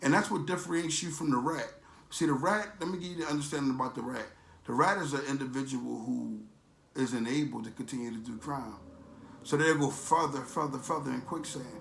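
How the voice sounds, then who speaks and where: A man's voice: mid-range voice, fairly quick, creaky, a bit bright, roomy sound, slight background noise. A man ranting in a preachy, motivational way as a vlogger, with emphatic, streetwise, repetitive phrasing. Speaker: vlogger promoting a supplement.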